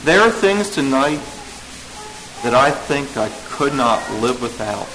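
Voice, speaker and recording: A man preaching an evening sermon in an earnest way, pressing hard on some lines and dropping low and quiet on others. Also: sing-song, takes it slowly, noisy background. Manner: earnest, rises to forceful emphasis then drops to hushed tones.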